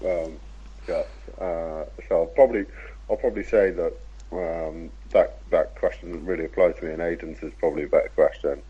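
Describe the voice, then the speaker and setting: A man, a podcast guest talking casually about racing in a measured, laid-back way with frequent fillers. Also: low voice, steady tone, breathy edge, muffled recording. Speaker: podcast guest, RC car racer.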